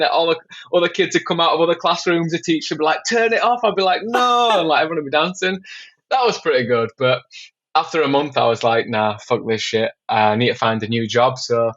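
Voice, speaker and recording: A man's voice: mid-range voice, dull audio. Swearing storyteller man from England. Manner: animated storyteller, swears a lot, says "man". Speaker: podcast guest, documentary filmmaker. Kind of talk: casual storytelling.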